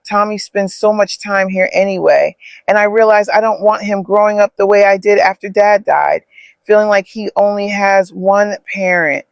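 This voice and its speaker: A man's voice: high-pitched, fairly even intonation, normal speed, gravelly, clear, resonant tone, dry recording, voice pushed up. A man voicing a grown son who speaks earnestly and from the heart.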